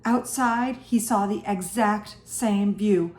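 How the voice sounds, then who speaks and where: Woman teacher for a read-aloud, slow and animated, in an echoey room. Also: mid-range voice. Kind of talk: reading a chapter book aloud to students.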